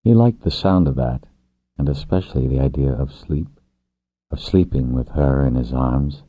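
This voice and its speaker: A man reads an audiobook in a very deep, husky voice, measured and low-key. His intonation moves widely within the lines. The recording is tinny and phone-like, dry with no room sound. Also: no room sound. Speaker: audiobook narrator. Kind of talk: scripted narration.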